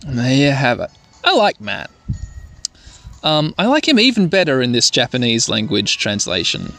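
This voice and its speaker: A man's voice: medium pitch, wildly swooping pitch, moderate pace, creaky, a bit bright. A man hosting an easygoing, rambling let's-play commentary meant for sleep. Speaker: host. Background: faint music.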